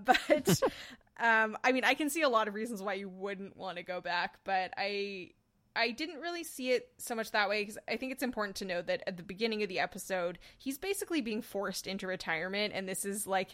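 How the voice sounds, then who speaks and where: A woman's voice: medium pitch, a bit bright. A woman co-hosting a podcast, chatting casually about episodes, joking and laughing often. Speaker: podcast co-host. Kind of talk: casual discussion.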